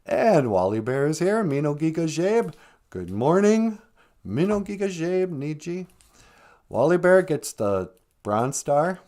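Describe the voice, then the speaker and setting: Jokey, animated man hosting a podcast. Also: on the high side, a little slow. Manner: jokey, teasing, calls people sweetie. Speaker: podcast host. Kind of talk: casual chat.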